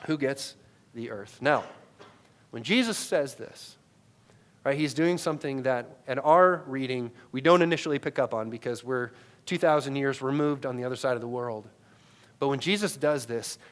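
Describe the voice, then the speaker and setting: Wearing a headset mic, a male pastor delivers a conversational sermon, often ending lines with "right?" and moving between loud emphatic bursts and hushed, low asides.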